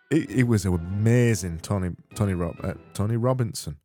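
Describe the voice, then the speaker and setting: A man's voice: fairly low pitch, fairly quick, few pauses, dark tone, soft background music. A man hosting a comedy podcast, sarcastically gushing thanks to listeners in a mock-cheerful monologue with stammering restarts. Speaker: podcast host.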